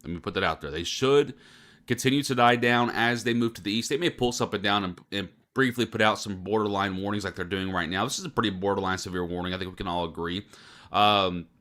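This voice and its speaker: Fast-talking tired male weather forecaster. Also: lowish voice. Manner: self-described monotone delivery. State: tired from little sleep. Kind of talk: live storm coverage broadcast.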